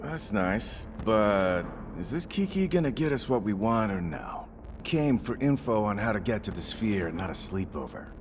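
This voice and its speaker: A man's voice: on the low side, big pitch swings, moderate pace, background noise. A man voicing a cocky, laid-back young man with a sarcastic drawl in an anime dub. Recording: music score behind.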